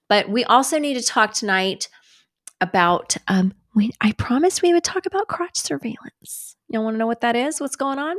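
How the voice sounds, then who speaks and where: A middle-aged woman hosting a casual livestream, sarcastic and animated, swearing freely and dropping to whispers for asides. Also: medium pitch. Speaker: livestream host. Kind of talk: casual chat.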